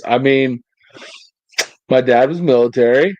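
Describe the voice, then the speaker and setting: Joking man with a lively pitch. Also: normal speed, no room sound. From United States. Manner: joking, teasing, deadpan asides. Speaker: podcast co-host. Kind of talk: casual banter.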